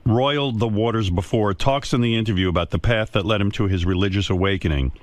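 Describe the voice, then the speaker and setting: A man's voice: fairly low pitch, fast, dry recording. A man hosting a radio talk show, with a sardonic, mocking way of talking in casual banter. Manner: sardonic, mocking, animated delivery.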